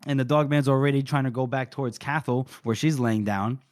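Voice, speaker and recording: Excitable man recapping a book. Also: mid-range voice, dry recording, clean studio sound. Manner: excitable, narrates battles fast and acts out characters' lines. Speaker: podcast co-host. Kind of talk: casual chat, recapping a book chapter.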